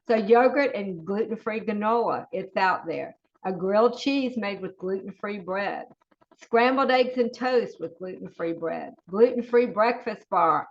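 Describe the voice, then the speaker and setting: A woman with a Southern US accent leads a webinar and runs through menu items with chatty, enthusiastic asides. Her voice sits at a middle pitch. The audio is a little dull, like a web call. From Southern United States. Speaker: webinar presenter, school nutrition. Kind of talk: webinar presentation.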